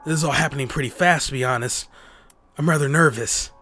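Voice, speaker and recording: A flustered male lab chief, nervous and stammering, halting as he speaks, as a man puts him on. The voice sits lower than the reader's usual tone. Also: pushed and bright, faint music behind. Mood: nervous hesitant.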